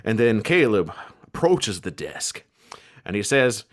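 A man's voice: lowish voice, a little slow. A man in his twenties from Kentucky with a slight country accent, co-hosting a podcast and telling stories in a casual chat, laughing often. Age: 20s. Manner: animated storytelling, laughs often. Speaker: podcast co-host.

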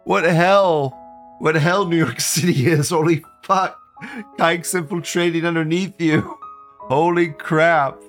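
A man's voice: on the high side, fairly even intonation, takes it slowly, fairly bright tone, soft background music. Profane, laughing male livestream host. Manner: profane, rambling, frequent laughter; repeats phrases in bursts. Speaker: host of a live commentary show. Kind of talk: casual livestream commentary.

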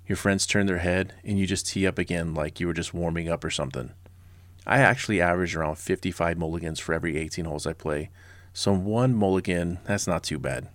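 Deep-voiced sarcastic history narrator. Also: male voice, no echo. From Southern California. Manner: sarcastic and blunt, with casual personal asides. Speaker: podcast host.

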